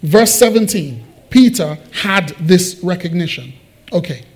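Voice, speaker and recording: Animated high-voiced male preacher. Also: unhurried. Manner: animated, acts out Bible quotes with big pitch swings. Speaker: pastor. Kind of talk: sermon. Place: church hall.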